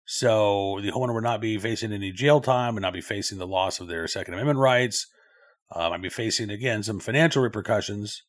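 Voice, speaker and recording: Man giving loose, halting news commentary. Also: on the low side. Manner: loose, thinking aloud with frequent filler pauses.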